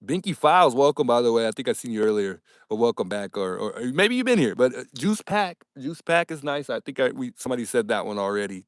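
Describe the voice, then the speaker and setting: A man's voice: mid-range voice, quick pace, few pauses, no echo, clean studio sound. Upbeat man chatting with livestream viewers. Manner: upbeat, animated, thanks viewers often. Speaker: livestream host. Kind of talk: casual livestream chat reading viewer comments.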